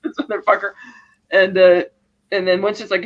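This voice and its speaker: A man co-hosting a podcast, retelling a movie scene by scene in a rapid, rambling casual chat. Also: high-pitched, little pitch movement, lo-fi sound. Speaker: podcast co-host.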